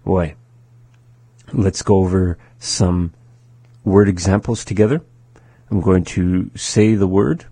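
A man teaching a language lesson, saying each word twice, once at speed and once slowly, patiently and methodically. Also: low-pitched, warm tone, husky, dry recording. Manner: slow, patient, repeats words twice.

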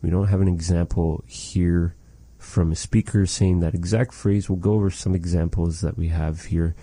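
A man teaching a language lesson, saying phrases slowly and carefully and repeating them for learners. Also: deep voice, fairly even intonation, warm tone, husky, no echo.

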